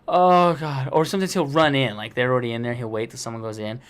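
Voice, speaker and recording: A man co-hosting a podcast in casual chat, an animated storyteller who acts out quotes. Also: medium pitch, rapid-fire, clean tone. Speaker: podcast co-host.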